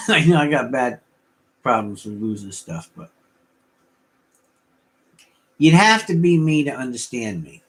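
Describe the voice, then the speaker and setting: A man's voice: mid-range voice, expressive, unhurried, pauses often. An older man rambling casually as he hosts a livestream auction and chats with viewers. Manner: rambling, folksy, chatting with viewers.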